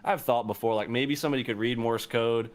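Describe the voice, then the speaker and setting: A man talking in casual chat, animated and profane, jumping into high-pitched outbursts when riled. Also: brisk.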